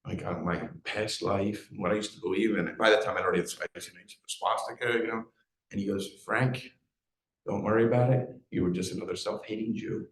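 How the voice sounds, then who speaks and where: A man from South Philadelphia, USA, with a low, a bit bright voice and fairly even intonation, tells his personal story as a guest speaker. It's an emotional live testimony, full of fast restarts and fillers, captured in an echoey event hall before an audience.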